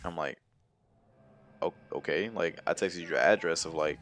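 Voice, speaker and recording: A young man with a low voice, speaking at normal speed, recounts something that happened to him. As a storyteller vlogger, he's loose and slangy, rambling along with lots of fillers and lively quoted back-and-forths.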